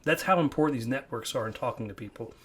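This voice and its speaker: A man's voice: mid-range voice, fast, fairly bright tone, slightly rough. A young man hosting a casual podcast from his man cave, rambling and laughing easily, often repeating his words. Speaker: podcast host. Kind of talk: casual chat. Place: home man cave, indoors.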